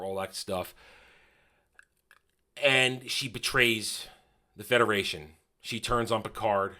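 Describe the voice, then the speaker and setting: A man's voice: on the low side, bright, forceful tone. A man giving a casual, rambling spoken review of a TV episode, often correcting himself and paraphrasing scenes.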